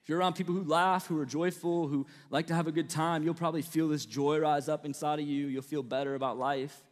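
A young Midwestern man with a slight Southern twang gives a relaxed, talkative sermon to college students. His voice sits high for a man, and it rings out with the long reverb of a big hall. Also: quick pace. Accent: Midwestern American with a slight Southern twang. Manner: conversational, storytelling, lots of fillers and asides. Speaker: preacher.

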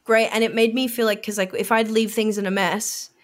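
A young woman chatting casually as a podcast co-host, animated and laughing often. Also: medium pitch, fairly quick. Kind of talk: casual chat.

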